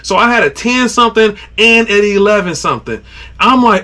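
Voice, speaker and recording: A man with a high, bright voice tells a story casually. His telling is animated and loose, full of "like" and little sound effects. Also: brisk. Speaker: podcast host telling a fishing story.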